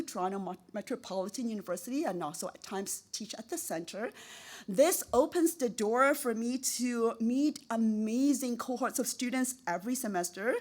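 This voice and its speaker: Middle-aged woman, higher voice, heartfelt self-mocking acceptance speech, stacks "really" for emphasis. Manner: effusive, repeats words for emphasis; laughs at herself, emotional. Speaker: award recipient, professor.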